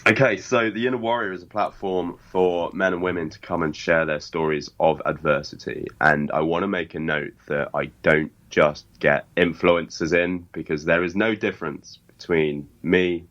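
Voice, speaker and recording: A British man with a very low voice talks in an earnest, motivational way as an interview guest. He leans hard on key words. The recording sounds dull and a little lo-fi. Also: fairly even intonation, normal speed, few pauses, fairly bright tone. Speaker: podcast host and life coach guest. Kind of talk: interview conversation.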